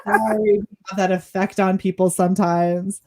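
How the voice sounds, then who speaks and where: A woman's voice: lowish voice, level tone, moderate pace. A young adult woman hosting a casual livestream, reading chat comments aloud and laughing often. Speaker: host.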